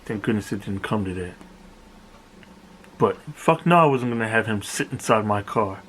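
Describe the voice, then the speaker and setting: A man's voice: fairly low pitch, normal speed, slight background noise, low-quality recording. A young man casually telling a camp-out story, cursing and acting out what people said. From South Jersey, USA. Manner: animated, profane, acts out other people's lines. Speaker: vlogger.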